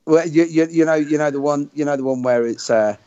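A man's voice: fairly high pitch, dark tone, clean tone, lo-fi sound. A man in his fifties chatting casually on a podcast roundtable, joking and rambling. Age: 50s. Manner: joking, rambling, quick to laugh. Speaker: podcast panelist.

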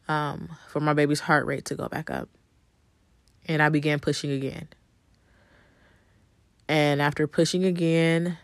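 A woman's voice: low-pitched, clear, resonant tone, no room sound. A woman telling viewers a personal story in a conversational way, with frequent ums and repeated phrases. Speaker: vlogger telling her birth story.

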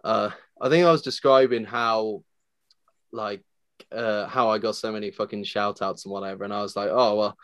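A man's voice: on the low side, steady tone, normal speed, a bit bright, clear, resonant tone, no echo. A man, a farmer guesting on a podcast, telling stories in casual chat with lots of swearing and laughter.

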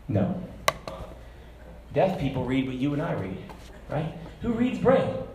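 A man preaching a sermon, moving between shouted passages and quiet, conversational asides. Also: a little high, huge pitch swings, a little slow, reverberant, noisy background. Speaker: pastor.

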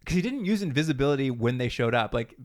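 A man's voice: medium pitch, fast. A man co-hosting a podcast, casually recapping a TV show and acting out the characters' lines as he tells it. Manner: animated retelling, acts out quoted lines. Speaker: podcast co-host.

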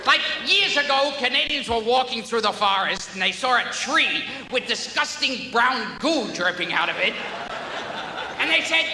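A male stand-up comedian ranting on stage, shouting his punchlines. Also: very high-pitched, expressive, moderate pace, background noise. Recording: echoey hall, mic heard from a distance.

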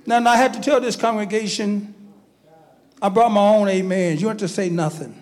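High-voiced preacher. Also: male voice, steady tone, brisk. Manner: shifts from quiet asides to shouted preaching. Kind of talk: fiery sermon.

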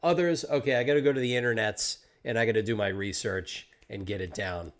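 A man's voice: on the low side, fairly quick. A man hosting a casual interview on a livestream over a video call, joking and self-deprecating, rambling as he talks. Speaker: podcast host and Twitch streamer.

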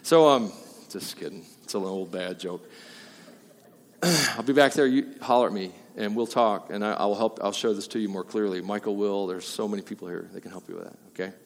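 A pastor preaching a sermon, emphatic and swinging between loud and quiet, with jokey asides. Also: male voice, lowish voice, normal speed. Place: church hall. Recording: long hall reverb.

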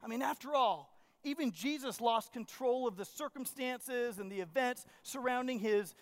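Male pastor, high tenor, animated storyteller who preaches straight to his congregation. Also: normal speed. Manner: animated storytelling, acts out his own panic; asks the congregation questions. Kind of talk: sermon. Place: church.

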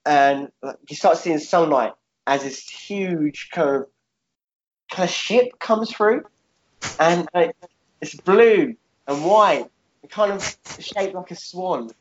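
Casual male co-host, animated rambler, swears freely, checks in with "yeah?", dull lo-fi sound. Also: a little high, slow pace, a little hiss or hum. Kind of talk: casual chat, telling a made-up fight story.

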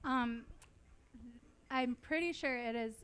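A woman's voice: on the high side, slow, a bit bright, clear, resonant tone. A woman answering questions as a contestant on a live quiz show, hesitant and full of ums.

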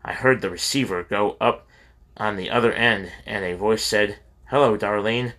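A man reading a first-person memoir aloud in a plain, steady way, with a few slips and restarts. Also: fairly low pitch, moderate pace. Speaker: audiobook reader.

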